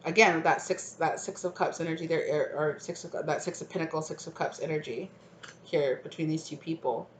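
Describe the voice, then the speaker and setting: A tarot reader gives a casual, chatty, rambling card reading, heavy on fillers and laughing often. Her low-pitched, steady voice runs a little fast. The sound is roomy and slightly dull, with slight background noise.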